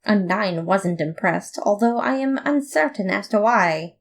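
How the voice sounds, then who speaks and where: A woman reading a comic fan story aloud in playful, expressive first-person narration. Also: medium pitch, measured pace, creaky. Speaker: podfic reader.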